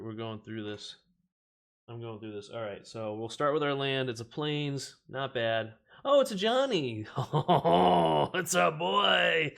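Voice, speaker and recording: A man hosting a casual stream, chatting, laughing often and reading cards and viewer comments aloud. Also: lowish voice. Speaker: host of a card-opening stream. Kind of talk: casual chat while opening card packs.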